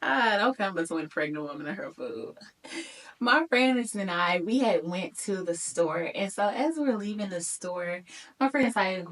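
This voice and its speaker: A woman in her thirties telling a personal story to her viewers in a lively, chatty way, talking to them as y'all. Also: mid-range voice, moderate pace, distant mic. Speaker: vlogger.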